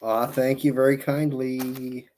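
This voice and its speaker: Taking it slowly, a man speaks in a level, mid-range voice that's a little mellow, with slight background noise. He twists balloons on a livestream, chatting casually, greeting viewers by name, and rambling through friendly asides with his hands busy.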